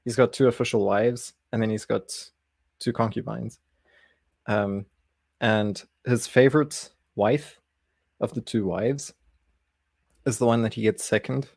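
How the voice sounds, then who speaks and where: Low gravelly man hosting a study stream. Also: steady tone, unhurried, long pauses, darkish tone, no room sound. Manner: easygoing, chuckles and restarts often. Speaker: Bible study host. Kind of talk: casual livestream teaching.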